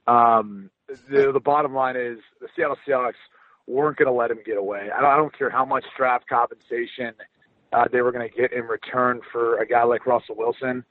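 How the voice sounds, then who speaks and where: A man analyzing football over a phone call, speaking in a relaxed, conversational way with filler ums. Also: medium pitch, a little fast, no room sound. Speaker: guest analyst. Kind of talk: casual sports analysis. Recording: tinny phone line.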